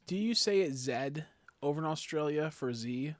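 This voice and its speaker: A man's voice: fairly high pitch, expressive, normal speed. A young man streaming live, chatting casually, laughing a lot, swearing freely and ranting in fun.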